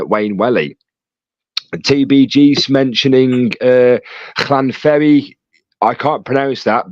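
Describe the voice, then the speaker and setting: A man hosting a live stream, reading chat messages aloud with quick joking asides. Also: medium pitch, a little mellow, dry recording. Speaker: livestream host reading chat. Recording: dull lo-fi dry sound.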